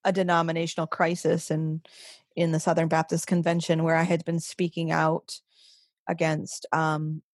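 A middle-aged woman talking as an interview guest, halting with frequent restarts and soft laughs. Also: low-pitched, monotone, no room sound, clean studio sound. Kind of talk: conversational interview.

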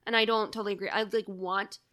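Young woman, mid-pitch, thoughtful casual film analysis, filler-heavy. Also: flat delivery, fast talker, sharp tone. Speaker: podcast co-host discussing a film. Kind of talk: casual chat.

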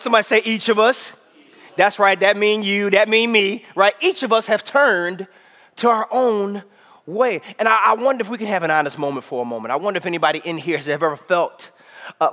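A man preaching a sermon to a congregation, calling out for responses and often shouting with excitement. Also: high-pitched. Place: church with audience. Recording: long hall reverb.

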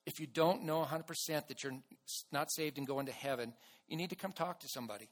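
A man preaching a sermon to his church in an earnest way, with restarts and bursts of loud emphasis. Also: fairly high pitch, brisk. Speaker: pastor.

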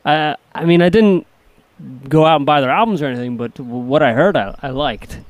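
Male podcast co-host, North Jersey accent, a touch high, self-deprecating and chatty. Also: a little fast, no room sound, lo-fi sound. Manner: self-deprecating, laughs often, repeats words. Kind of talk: casual chat.

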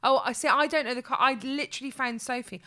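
A woman chatting casually as a podcast co-host, telling animated stories with restarts and stammers. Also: sits high, quick pace. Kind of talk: casual chat.

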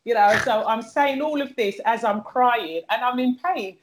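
A woman's voice: a little high, unhurried. A middle-aged woman, the guest, speaking frankly and in an earthy way about her own life, often repeating words as she searches for them. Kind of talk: candid personal conversation.

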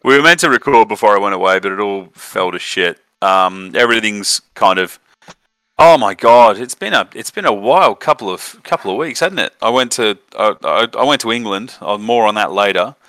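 Bright, dry-sounding man hosting a podcast. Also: on the low side, animated, normal speed, no room sound. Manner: rambling, self-correcting, often laughing. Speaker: podcast host. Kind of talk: casual chat.

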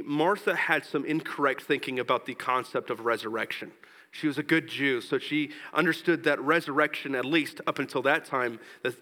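Earnest man preaching a sermon, medium voice, reverb of a large church hall. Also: bright, forceful tone. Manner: earnest, rises in pitch and force when exhorting; slows down for scripture and tender points. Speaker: pastor.

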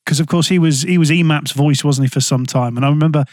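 A male podcast host chats with his guest, often stumbling over his first words. His voice sits a little high for a man, and the sound is dry and close. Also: quick pace, darkish tone, dry recording. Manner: chatty, stammering restarts, laughs easily. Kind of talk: casual podcast interview.

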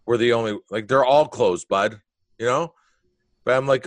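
A man's voice: medium pitch, moderate pace, pauses often, no echo. A man telling a story in casual conversation, swearing freely and acting out the other people's lines. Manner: animated, profane, acts out quotes.

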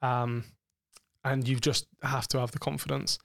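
A man's voice: mid-range voice, flat delivery, moderate pace, creaky, fairly bright tone, no room sound, clean studio sound. A man, co-hosting a podcast, talking frankly and explicitly about sex in a rambling way with many fillers. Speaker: podcast co-host.

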